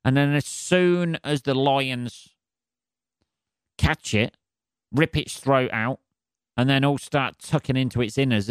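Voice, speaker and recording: A man's voice: medium pitch, clear, resonant tone, dry recording, clean studio sound. A man hosting a podcast, rambling through a sweary, wry comic monologue and often asking for agreement. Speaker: podcast host.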